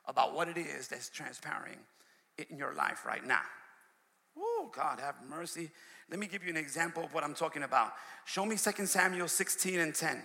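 A male preacher delivering a sermon, swinging from shouts to hushed asides and calling out to his congregation. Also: fairly high pitch, very animated, normal speed, gravelly, long reverb tail. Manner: call-and-response preaching, shouting and dropping to a hush. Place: church sanctuary.

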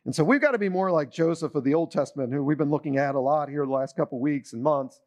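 A middle-aged pastor delivers a sermon conversationally, often putting questions to his listeners. His voice is fairly high and he speaks fast.

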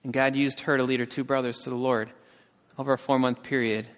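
A man's voice: flat delivery, a little fast. A man telling a missionary story in a sermon, growing emotional and acting out the people he quotes. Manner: emotional storytelling, acts out quotes with raised pitch. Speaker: missionary speaker. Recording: long reverb of a large hall.

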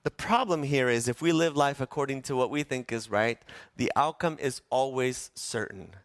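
A man preaching a sermon to his congregation, animated, asking them questions and acting out quoted voices. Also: mid-range voice, normal speed, no room sound, studio quality. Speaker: pastor. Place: church sanctuary.

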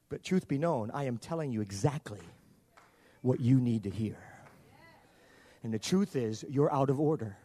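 A male pastor preaching a sermon in an emphatic, repetitive way that builds up to shouting. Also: medium pitch, no room sound.

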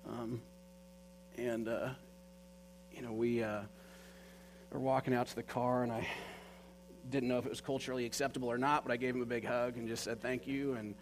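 A man's voice: medium pitch, little pitch movement, normal speed, long pauses, poor audio. A man telling a personal story in an earnest, conversational way, with many fillers. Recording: faint mains hum.

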